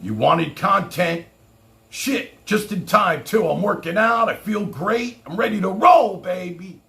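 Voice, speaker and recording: Man, livestream host, boastful, rambling, slow, lively high voice. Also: creaky. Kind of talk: casual livestream chat.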